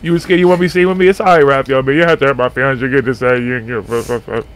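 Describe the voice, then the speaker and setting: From a small home studio, a man hosts a live paranormal talk radio show, rambling and swearing freely in animated, casual chat. His voice is mid-range and very fast.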